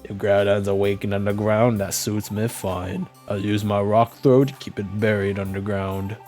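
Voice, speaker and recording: A streamer doing a gruff low rock creature. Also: fairly even intonation, moderate pace, a little mellow, soft background music, natural voice.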